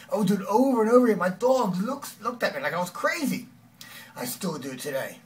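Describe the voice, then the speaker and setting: A man giving an energetic, conversational motivational talk as a life coach, often acting out quoted lines. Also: high voice, quick pace, far from the mic.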